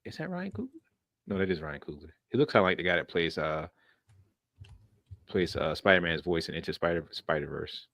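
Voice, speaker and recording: Lowish guy on a podcast, pitch jumping all over, laughing, dry mic. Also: a little fast, vocal fry, dry recording. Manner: animated, laughing, rambling with restarts. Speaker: podcast host. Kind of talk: casual chat.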